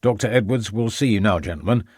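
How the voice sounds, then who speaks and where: A man's voice: fairly low pitch, fast, darkish tone, breathy edge, dry recording, studio quality. A man doing a suspicious elderly porter. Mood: formal. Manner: deferential, formal. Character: elderly male school porter, suspicious, formal.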